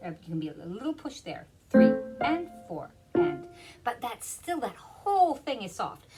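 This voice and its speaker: A woman's voice: mid-range voice, rough recording. A woman piano teacher explaining rhythm in a lesson, counting beats aloud and half-singing them. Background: piano playing.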